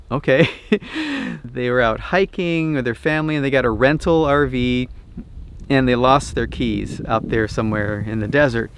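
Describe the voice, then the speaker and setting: Smooth, dry-sounding man hosting a DIY vlog. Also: mid-range voice, no room sound. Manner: chatty, relaxed, animated when telling a story. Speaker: RV DIY channel host. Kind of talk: casual storytelling vlog.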